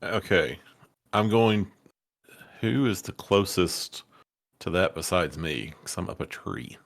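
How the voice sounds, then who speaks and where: Deep gravelly-voiced male player. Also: lively intonation, slow pace. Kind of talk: casual tabletop game play.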